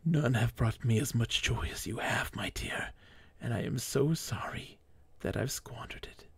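Grief-stricken aging husband, melodramatic and pleading, gravelly edge, dry close sound, as a man puts him on. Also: medium pitch, a little slow, a little mellow, no echo. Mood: grieving.

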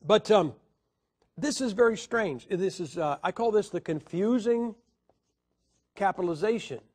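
With a high-pitched, darkish voice and lively intonation, a man lectures a Bible class at a slightly slow pace. He presses his points emphatically, tapping out syllables and putting questions to his audience.

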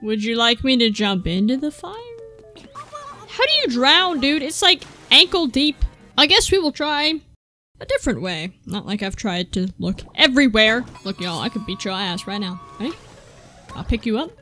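Playing a video game, a woman talks back at the characters in sharp, sing-song tones, her voice a little high and her speed normal. The commentary is casual, exasperated and full of swearing. Faint music sits behind her.

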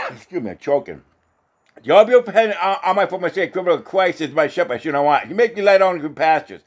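A man reading scripture aloud as a lay preacher, halting and restarting often, then drifting into rambling, informal testimony. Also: high voice, animated. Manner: casual and rambling when talking off the text, often asks "you know?".

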